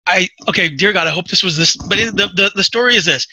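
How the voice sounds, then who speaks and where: Fast-talking bright-voiced man hosting a podcast. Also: high-pitched, a little hiss or hum. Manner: animated, chatty storyteller. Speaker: podcast host. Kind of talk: casual chat.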